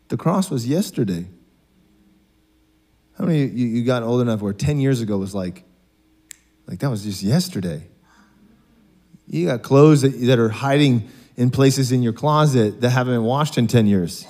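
A man's voice: medium pitch, animated, moderate pace, pauses often, warm tone. A man preaching a sermon in a conversational, joking way, acting out bits of dialogue. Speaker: pastor.

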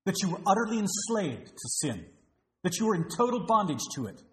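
Emphatic preacher man, lively high voice. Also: a little fast. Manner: emphatic, with rhetorical questions to the congregation. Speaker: pastor. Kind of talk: sermon. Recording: roomy echo.

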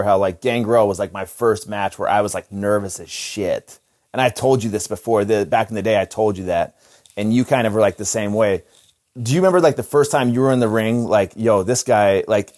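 With a voice on the low side and a darkish tone, this man, once a wrestler, runs a relaxed podcast conversation. He's a profane storyteller who laughs his way through his tales.

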